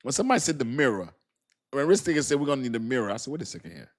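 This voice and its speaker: A man's voice: medium pitch, sing-song, very fast. A man hosting a casual crypto livestream, talking straight to his viewers in a rambling, slangy way, laughing often and poking fun at himself. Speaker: crypto channel host.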